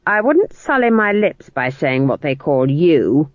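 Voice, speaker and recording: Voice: medium pitch, big pitch swings, moderate pace, no echo. Brief: severe old witch, read by the narrator, icy and cutting, dry tinny recording. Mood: cold. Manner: cold and cutting, speaks quietly with contempt. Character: proud stern old witch woman, cold and severe. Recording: tinny phone-like audio, dry.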